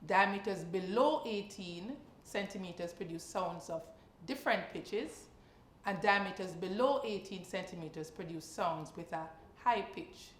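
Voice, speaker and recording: A woman's voice: lowish voice, a little slow, echoey room, slight background noise. A woman teaching a science exam practice lesson. She explains step by step and keeps checking in with questions to her students.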